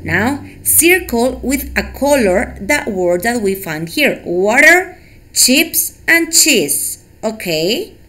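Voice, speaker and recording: Female English teacher, slow patient delivery, animated. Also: on the high side. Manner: slow, encouraging, repeats words for pupils. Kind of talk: online class instruction.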